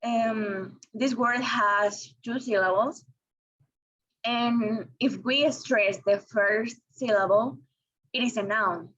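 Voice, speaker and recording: Slow, careful woman presenting a lesson. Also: fairly high pitch, fairly bright tone, highs cut off. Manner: slow and careful, with frequent ums and restarts. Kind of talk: reading a class presentation.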